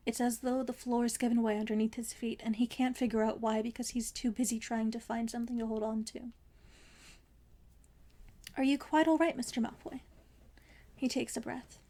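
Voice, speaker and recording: A young woman softly reading a fan fiction story aloud, with small slips and restarts. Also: fairly high pitch. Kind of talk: read-aloud story narration.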